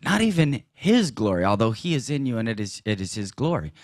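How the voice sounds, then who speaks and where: A man giving a personal testimony at a church gathering, telling the story with laughs and sudden loud bursts. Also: medium pitch, very animated, a little fast, no room sound, studio quality.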